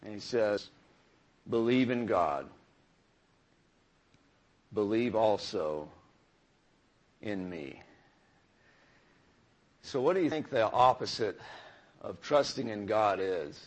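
A man's voice: lowish voice, lively intonation, takes it slowly, pauses often. A man preaching a conversational sermon, often restarting phrases and asking the congregation questions.

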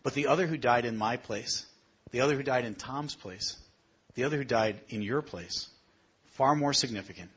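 A man preaching a sermon with a husky, slightly breathy voice. He puts questions straight to his listeners, building to emphatic high points before sinking to a hush. The recording is dull and lo-fi. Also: moderate pace. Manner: rises to emphatic peaks, then drops low and quiet; asks the congregation direct questions.

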